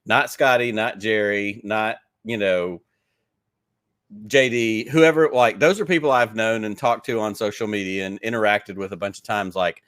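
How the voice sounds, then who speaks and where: A man with a Southern accent and a lowish, fairly bright voice is a podcast guest in a casual interview, eagerly rambling through hobby stories at a moderate pace with many "like"s and fillers. The sound is studio quality with no room echo.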